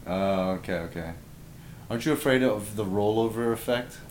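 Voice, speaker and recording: Male podcast co-host, low voice, laid-back teasing replies, echoey room. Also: moderate pace, darkish tone. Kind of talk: casual chat. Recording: echoey room with faint rumble.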